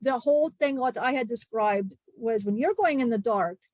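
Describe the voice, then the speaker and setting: A woman channeling the spirit of an ancient male disciple, telling a grieving testimony in halting, emotional bursts with many restarts. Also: fairly high pitch, a little mellow, no echo, lightly acted. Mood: solemn.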